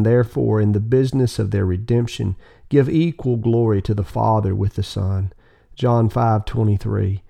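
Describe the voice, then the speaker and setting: A man's voice: mid-range voice, creaky, dark tone. Solemn man reading an old sermon. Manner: measured, solemn reading with rising emphasis. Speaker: audiobook reader of a sermon. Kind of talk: scripted devotional reading.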